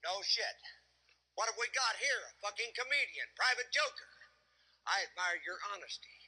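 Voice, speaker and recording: A man's voice: high voice, animated, normal speed, sharp tone, heavily acted. An actor playing a brutal, foul-mouthed male drill instructor who barks insults at recruits. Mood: barking abuse. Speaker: drill instructor in a film clip. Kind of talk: film dialogue.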